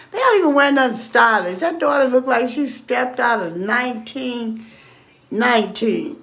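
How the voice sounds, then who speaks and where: Speaking in a high, gravelly voice, this woman spins a lengthy, meandering story in casual conversation. She's animated and blunt, swearing, laughing a lot, and performing the voices of the people she quotes.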